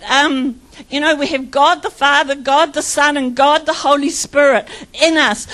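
An older woman speaks in a high voice, telling her faith testimony slowly and with feeling. She is fervent and chatty, laughs now and then, and acts out what others said to her. Her pace is unhurried, and her pitch lifts and falls as she recalls. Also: fairly bright tone, rough recording. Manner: storytelling with acted-out quotes. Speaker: church member sharing testimony. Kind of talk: personal testimony.

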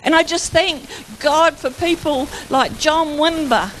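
A woman's voice: high voice, measured pace, a little hiss or hum. A woman sharing a fervent Christian testimony, telling stories and acting out what people said. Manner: fervent, animated storytelling with acted-out quotes. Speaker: Christian speaker.

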